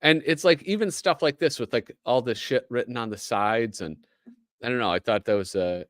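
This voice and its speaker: A man's voice: medium pitch, moderate pace, no room sound, clean studio sound. A man with a Midwestern American accent, hosting a casual livestream, chatty and joking as he reads aloud. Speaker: host.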